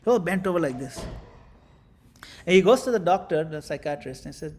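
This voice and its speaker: A man giving a devotional class talk as a spiritual teacher, animated and demonstrative, with playful asides. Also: a little high, brisk, pauses often, slight background noise.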